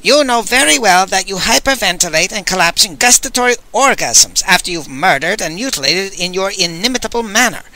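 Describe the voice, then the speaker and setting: A man's voice: high voice, bright, forceful tone, exaggerated voice, low-quality recording. A man playing a dry, shrewd old sage. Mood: scolding. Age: older. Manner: dry, brisk, exasperated.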